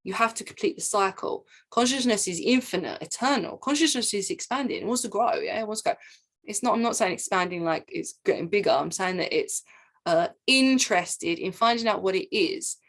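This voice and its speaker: Mid-pitched young woman, spiritual teacher, animated monologue, repeats phrases, slips into acted voices. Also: brisk. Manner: animated, repetitive, acts out quoted voices. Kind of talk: masterclass monologue.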